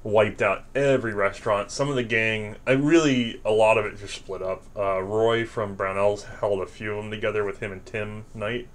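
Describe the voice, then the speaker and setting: A man from the American South with a fairly low voice, swapping stories in an easygoing chat. He is animated, acts out what people said and laughs a lot as he goes. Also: normal speed, few pauses. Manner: animated storyteller acting out quotes, laughing often. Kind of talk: casual storytelling chat.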